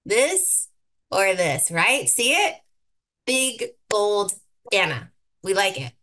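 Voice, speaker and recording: A woman giving a live online presentation with slides, brisk and upbeat, repeating key words for emphasis. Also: mid-range voice, big pitch swings, pushed and bright. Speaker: guest presenter teaching thumbnail design.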